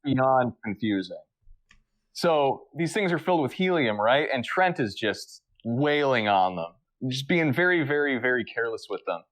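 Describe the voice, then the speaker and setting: A man co-hosting a comedic podcast, telling a made-up story in a halting, deadpan way with frequent restarts. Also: mid-range voice. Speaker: podcast co-host. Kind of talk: casual comedic podcast chat.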